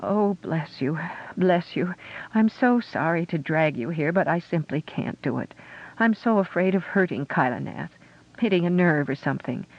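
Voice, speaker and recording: A man voicing a flustered, fretful woman dragonrider who pleads in a quavering, high voice. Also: lively intonation, normal speed, vocal fry. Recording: dull lo-fi audio.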